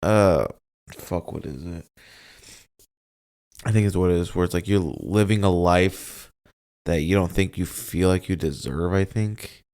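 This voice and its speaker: A man's voice: sits low, unhurried, long pauses, a little mellow. A man hosting his own show alone, rambling and searching for words, a little emotional with a slightly off voice. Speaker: podcast host. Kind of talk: casual solo monologue.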